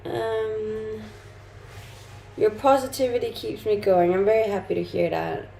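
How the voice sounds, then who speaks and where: A woman's voice: mid-range voice, steady tone, a little slow, gravelly, dark tone, a little hiss or hum. A young adult woman streaming live, chatting casually and reading comments aloud with easy laughs. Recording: roomy sound with faint music behind.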